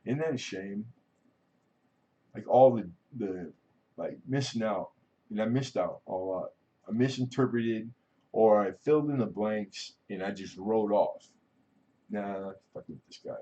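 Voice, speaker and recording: A man's voice: lowish voice, unhurried, dark tone, lo-fi sound. A middle-aged man hosting a livestream, talking candidly and casually, rambling and swearing freely. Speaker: livestream host.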